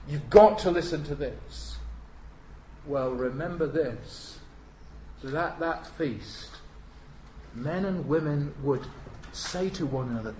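A man's voice: a little high, slow pace, mellow, slight background noise. A British man preaching a sermon, solemn and emphatic, in a church. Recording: roomy church hall.

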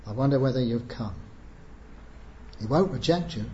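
A man's voice: mid-range voice, animated, moderate pace, darkish tone, slight background noise. A man preaching an evangelistic sermon, earnest and pleading, building to emphatic appeals. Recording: echoey muffled church recording.

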